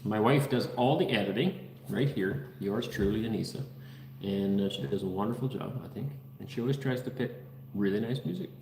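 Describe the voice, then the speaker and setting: A man's voice: on the low side, brisk, darkish tone, roomy sound, long reverb tail, a little hiss or hum. A man from the Netherlands hosting a casual livestream from an unfinished house, reading viewers' comments and names aloud in an easygoing way. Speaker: livestream host. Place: unfinished house under construction.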